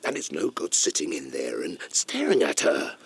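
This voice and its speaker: An actor playing a sly, cynical old country gentleman in a radio play, teasing and conspiratorial. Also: extremely low pitch, huge pitch swings, normal speed, vocal fry, breathy edge, heavily acted. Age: older.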